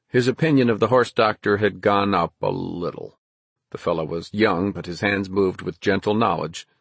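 A man narrates a storybook at a measured, even pace. His voice sits low with a husky grain. The recording is dry and close. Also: no room sound. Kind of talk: audiobook narration.

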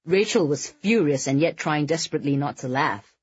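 A narrator reading a novel aloud in a measured, even storytelling manner. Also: medium pitch, slightly rough, no echo, dull audio. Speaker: audiobook narrator. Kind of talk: scripted audiobook narration.

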